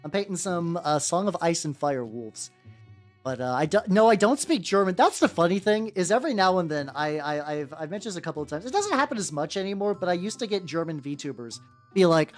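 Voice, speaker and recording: A woman from America hosts a relaxed livestream, greeting chat and rambling while she paints. Her voice sits low but swings widely in pitch, and she swears freely. Soft music plays underneath. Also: a little fast. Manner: rambling, profane, chatty with viewers. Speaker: miniature-painting VTuber streamer. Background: faint background music.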